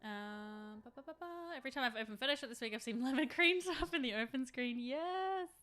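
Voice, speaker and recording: A woman paints on a live stream, speaking in a bright, clear voice that's on the high side and fairly quick. She chats and rambles while answering viewers, as soft music plays faintly behind her.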